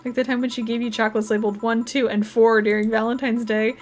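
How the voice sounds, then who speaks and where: A woman voicing a gentle, soft-spoken adult woman in a game, reading the dialogue aloud. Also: a little high, level tone, fast talker, faint music behind, lightly acted. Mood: reminiscing.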